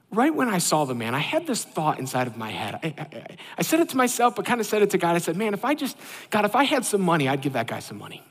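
A man, a pastor, preaching a sermon and telling a self-deprecating personal story in an animated way. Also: on the high side, husky. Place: church sanctuary. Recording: long hall reverb.

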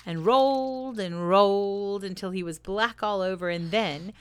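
A woman reading a children's story aloud in a soft, gentle storytelling voice, addressing the listener. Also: mid-range voice, measured pace, a little hiss or hum.

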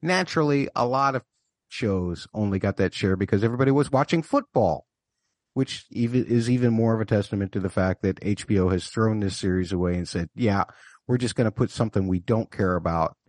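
A man's voice: lowish voice, fairly quick, darkish tone, no echo. A man co-hosting a podcast, chatting casually and wryly about a TV episode with lots of fillers. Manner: chatty, many fillers, wry. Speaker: podcast co-host.

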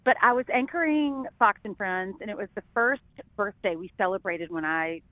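A woman's voice: mid-range voice, normal speed, no echo. A middle-aged woman from South Carolina speaks as an interview guest, earnest and heartfelt, often restarting her sentences. Her voice sits mid-range and comes through a dry, thin, phone-like line. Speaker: guest, TV news anchor. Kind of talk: emotional personal storytelling.

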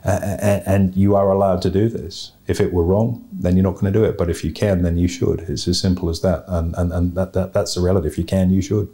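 Male podcast host, low mellow voice, blunt and plain-spoken. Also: flat delivery, brisk, hardly any pauses. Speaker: podcast host giving property investment advice. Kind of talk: casual advice talk.

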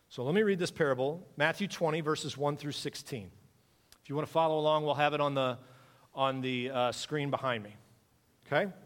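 A man's voice: fairly high pitch, a bit bright, big-room sound. A man preaching a conversational sermon, reading scripture and asking his congregation questions. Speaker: pastor.

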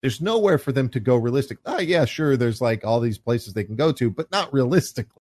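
A man's voice: mid-range voice, expressive, fast talker, darkish tone, no room sound. A man ranting profanely in casual podcast chat.

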